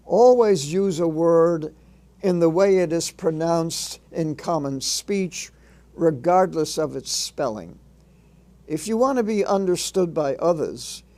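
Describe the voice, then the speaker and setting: A man narrating a phonics lesson in a measured instructional way, sounding out letters and sounds one by one. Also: fairly high pitch, darkish tone. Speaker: reading teacher.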